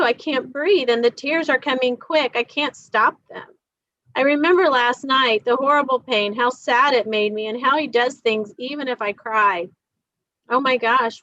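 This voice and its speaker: A woman reading aloud in the voice of a frightened nine-year-old girl, quietly and plainly. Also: on the high side, no echo. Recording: dull dry recording.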